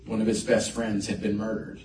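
A male pastor preaches to his congregation, animated in his storytelling. His voice comes from some distance off in a roomy, echoing hall with a faint hum of ambience behind. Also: on the low side, fairly quick. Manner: animated storyteller, lively swings in loudness. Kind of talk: sermon storytelling. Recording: echoey hall mic from a distance.

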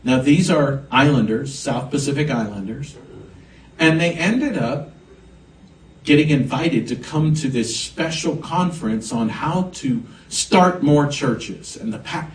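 Echoey preaching pastor, a man. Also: mid-range voice. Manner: emphatic preaching, rising and swelling on key words. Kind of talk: sermon. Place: church sanctuary. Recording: echoey church room, mic at a distance.

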